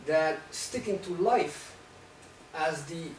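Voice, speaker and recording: A man in the audience presses a provocative argument and keeps checking in with a rhetorical "right?". His voice sits a little high. He is picked up from far off in an echoey hall with faint background noise. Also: animated, takes it slowly. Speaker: audience questioner. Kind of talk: academic Q&A discussion. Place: lecture hall. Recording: echoey room, distant mic, faint noise.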